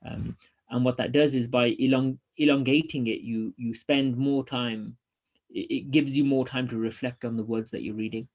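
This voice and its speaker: A man teaching an online lesson, reading passages from a religious text quickly and then explaining them in a loose, hesitant way full of ums. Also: medium pitch, steady tone, darkish tone.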